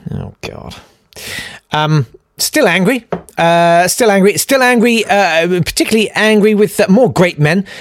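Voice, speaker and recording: A man's voice: high-pitched, moderate pace, no echo. A man hosting a podcast, delivering a sarcastic, ranting comic monologue to his listeners. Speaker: podcast host.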